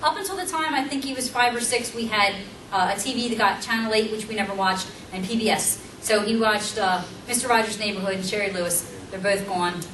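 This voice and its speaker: Speaking a little fast in a medium-pitched, slightly bright voice, a middle-aged woman gives an emphatic, conversational teaching seminar full of rhetorical questions. A faint hum sits under the roomy, distant-mic recording.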